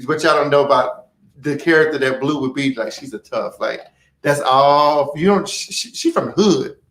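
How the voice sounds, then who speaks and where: A man's voice: a little high, moderate pace, fairly bright tone. A man who is a guest on a talk show, spinning a rambling, playful story in casual chat. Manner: rambling, playful, acts out characters. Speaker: guest, writer. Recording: echoey room.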